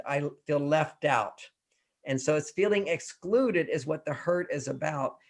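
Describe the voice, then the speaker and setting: A man in his sixties from Texas, speaking as a guest author in an interview, emphatic and acting out quoted voices. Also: a little high. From Texas, USA. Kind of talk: interview talk.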